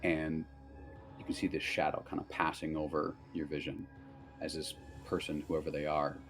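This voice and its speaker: A very deep-voiced man runs a tabletop game as game master, describing the scene in a relaxed, rambling way with plenty of fillers. Faint music plays quietly behind him. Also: moderate pace. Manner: relaxed, loose narration with many fillers.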